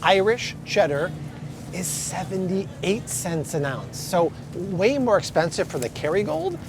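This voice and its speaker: An upbeat man walks the store aisles as he vlogs, leaning hard on each price he calls out. His voice sits a touch higher than most men's. A faint hum of the store carries underneath. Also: very animated, a little slow. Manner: upbeat, emphatic price comparisons. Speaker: grocery vlogger. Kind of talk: store walkthrough vlog. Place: supermarket aisles.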